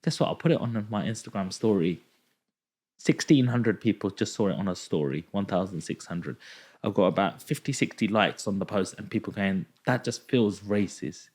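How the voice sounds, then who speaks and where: A young man chatting on a podcast, telling an animated story and acting out the dialogue in it. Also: on the low side, brisk. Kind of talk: casual podcast chat.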